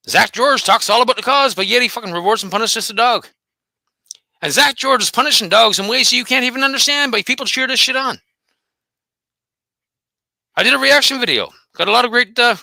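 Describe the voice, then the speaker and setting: A man's voice: extremely high pitch, lively intonation, brisk, gravelly, long pauses, pushed and bright, no room sound. A man ranting angrily and profanely to his viewers as host of his own channel, taunting his critics. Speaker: host of a dog behavior channel. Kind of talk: angry solo rant.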